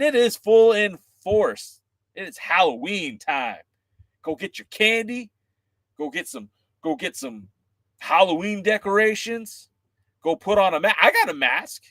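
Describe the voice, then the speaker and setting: A man hosting a wrestling podcast in a casual livestream, excitable and joking as he chats with viewers' comments. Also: high-pitched, unhurried, dry recording.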